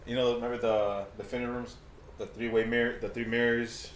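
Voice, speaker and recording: A young man co-hosting a podcast in casual chat, telling animated stories and slipping into Spanish quotes. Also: medium pitch, a little fast. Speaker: podcast co-host. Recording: roomy echo, faint noise.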